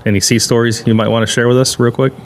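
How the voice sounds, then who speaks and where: A man hosting, chatting in a relaxed way with lots of fillers. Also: medium pitch, quick pace, background noise. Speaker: podcast host. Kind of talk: casual chat.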